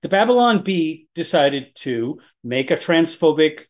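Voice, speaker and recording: A man co-hosting a political podcast, talking in a sarcastic, animated way with jokey asides. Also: fairly high pitch, a little slow. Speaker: podcast co-host. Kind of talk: casual political podcast chat.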